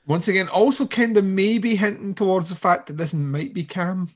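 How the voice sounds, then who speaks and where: A man co-hosting a podcast, chatting casually about a show with quick agreeing asides and jokes. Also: high-pitched. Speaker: podcast co-host.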